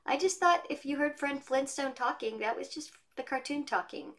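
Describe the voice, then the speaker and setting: A woman voice actress chatting as an interview guest from her home studio, telling stories in a lively way. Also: high voice, normal speed. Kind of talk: casual interview chat.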